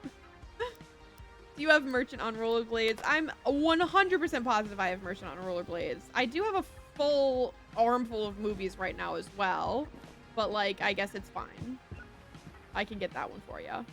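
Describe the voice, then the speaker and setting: A woman's voice: fairly high pitch, animated, moderate pace, fairly bright tone. Bubbly young woman streaming a game. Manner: bubbly, giggly, reads chat aloud; playful whiny voice at times. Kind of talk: casual game stream chatter. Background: game music.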